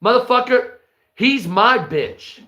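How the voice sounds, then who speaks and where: A man's voice: very high-pitched, expressive, slow, pushed and bright, dull audio, pitched above the performer's own voice, heavily acted. A man voicing a foul-mouthed, bragging street thug who trash-talks and threatens the listener. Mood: menacing swagger. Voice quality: crude, menacing, trash-talking. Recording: roomy echo.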